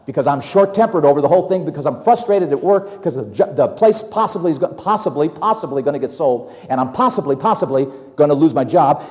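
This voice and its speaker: A man's voice: on the high side, warm tone, long reverb tail. A middle-aged man preaching a sermon in a folksy way, acting out worried voices and chuckling at his own examples.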